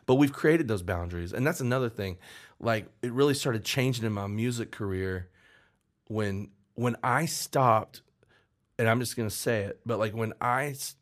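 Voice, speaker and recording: Man, low voice, songwriter, rambling interview storytelling, animated quotes.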